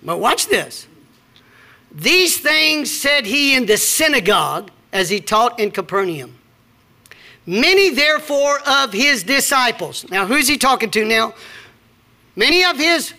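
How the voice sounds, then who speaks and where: A man's voice: very high voice, sing-song, unhurried, gravelly, pushed and bright. A middle-aged man, preaching a sermon with scripture readings and personal stories. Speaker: pastor.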